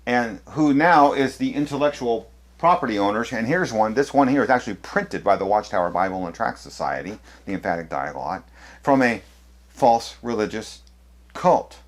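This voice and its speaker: A man's voice: lowish voice, lively intonation, brisk. A man presenting an apologetics video, walking through on-screen documents with sarcastic, emphatic delivery. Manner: sarcastic, emphatic, leans hard on key words. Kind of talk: critical lecture over on-screen documents.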